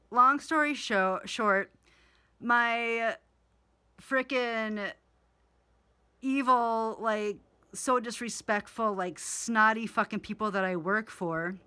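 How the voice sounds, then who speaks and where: A woman's voice: mid-range voice, bright, forceful tone, clear, resonant tone. A woman in her forties telling a rambling story in a casual, profane way, with many fillers.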